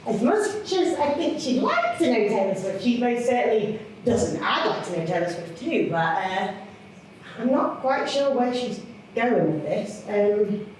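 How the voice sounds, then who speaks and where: A woman, a children's author chatting to an audience in a lively, self-mocking way. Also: a little high, unhurried, slight background noise. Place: large hall. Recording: echoey hall from far off.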